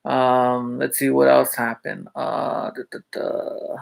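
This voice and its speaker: A man with a gravelly, fry-edged voice who chats to the camera about his days as a teacher. He keeps asking his audience questions, fills gaps with little asides, and keeps breaking into laughter while he tells his stories. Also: medium pitch, flat delivery, slow pace. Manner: chatty, with many fillers and check-ins to viewers. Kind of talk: casual storytelling vlog.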